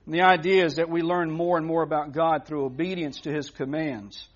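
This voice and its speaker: A man's voice: a little high, little pitch movement, a little fast. Earnest preaching man, lo-fi sound. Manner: earnest, emphatic preaching with frequent restarts. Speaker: pastor. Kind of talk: sermon. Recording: dull lo-fi recording.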